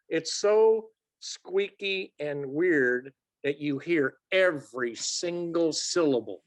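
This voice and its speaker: Older man telling lively stories. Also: fairly high pitch, takes it slowly, no room sound. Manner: lively storyteller who acts out quotes in a raised voice. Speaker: sports officials assignor, guest. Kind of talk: casual storytelling interview.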